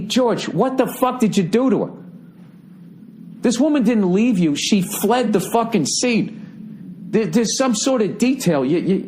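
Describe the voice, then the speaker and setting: A man's voice: high-pitched, darkish tone, slight background noise. Profane ranting man with a Boston accent. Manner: ranting, profane, incredulous, mock-singing quotes. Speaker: podcast host. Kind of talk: comedic podcast monologue.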